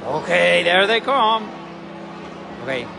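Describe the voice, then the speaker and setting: A travel vlogger, a woman, gives excitable live commentary at a street parade outdoors and shouts out greetings and names. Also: lowish voice, slow, vocal fry. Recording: outdoor crowd noise. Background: cheering crowd and street noise.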